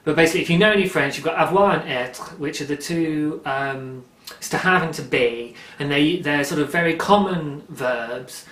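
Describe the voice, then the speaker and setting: A man's voice: on the high side, normal speed, fairly bright tone. A young man hosting a knitting podcast, talking in a rambling, chatty way and laughing often. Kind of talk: casual chat. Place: indoor room at home, daylight. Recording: roomy echo.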